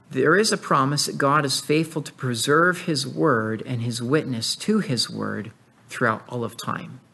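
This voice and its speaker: A man's voice: medium pitch, pushed and bright. A man preaching an earnest sermon, explaining and reading scripture aloud to his listeners. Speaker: pastor.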